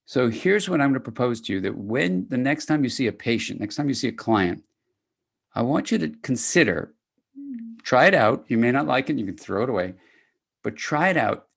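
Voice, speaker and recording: An older man giving a conversational academic lecture to clinicians, lively and acting out little dialogues. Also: moderate pace, gravelly, breathy edge. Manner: animated, conversational, acts out dialogues with rising pitch.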